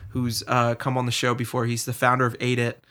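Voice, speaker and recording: A man's voice: mid-range voice, fairly quick. A man hosting a podcast, chatting casually and telling jokey stories. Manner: joking, animated storyteller. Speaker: podcast host. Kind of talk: casual chat.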